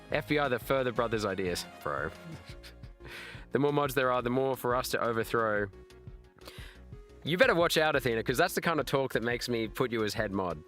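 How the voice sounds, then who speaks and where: A man's voice: mid-range voice, lively intonation, normal speed, fairly bright tone, soft background music. An Australian man, a live streamer, chatting casually with his viewers and reading chat aloud, laughing and swearing freely.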